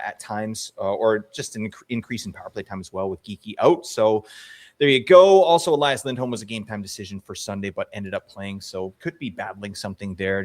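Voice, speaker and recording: Animated joking fantasy hockey co-host, a man. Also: mid-range voice. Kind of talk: casual podcast chat.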